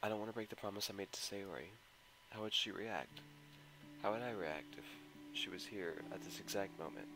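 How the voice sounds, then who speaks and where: The fairly low-pitched voice of a visual novel mod reader moves fairly quickly through a dramatic, anguished first-person narration. Guitar music accompanies the emotional delivery in a low-quality recording.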